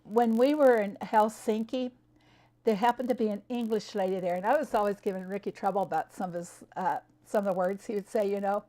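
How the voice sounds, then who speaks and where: Her mid-range voice is steady, fairly quick and dark in tone as she plays a farming game on stream. She laughs a lot and chats casually with viewers, addressing each by name.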